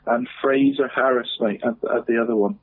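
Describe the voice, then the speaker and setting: Chatty male football presenter, husky voice, heavy on "mate", phone-quality radio audio. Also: mid-range voice, fairly even intonation, a little fast, dry recording. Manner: says "mate" constantly, chatty and rambling. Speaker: local football results presenter. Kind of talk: casual radio football chat.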